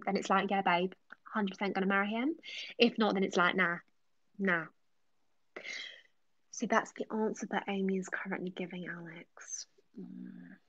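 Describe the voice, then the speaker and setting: A young woman hosting a relaxed livestream, answering chat questions in a chatty voice that slips into soft whispers. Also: on the high side, no room sound, muffled recording. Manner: chatty, drifting between normal voice and soft whispers. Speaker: ASMR livestream host.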